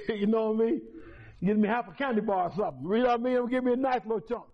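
A man's voice: sits high, very fast. A man telling his own life story as a testimony at a meeting, folksy and repetitive, with chuckles. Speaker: recovery meeting speaker. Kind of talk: personal testimony. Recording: dull lo-fi recording.

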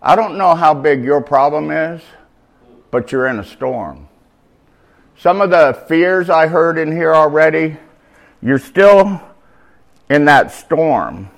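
A man's voice: a little high, lively intonation, slow, vocal fry, pauses often. A middle-aged man preaching an informal, slangy sermon at a recovery meeting, shifting from easy talk to emphatic bursts.

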